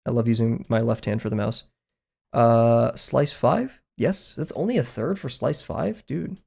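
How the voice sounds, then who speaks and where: Gravelly, mellow-voiced young man streaming. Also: medium pitch, expressive, moderate pace. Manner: rambling and self-mocking, talks to chat. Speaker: art streamer. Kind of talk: casual live-stream chat while drawing.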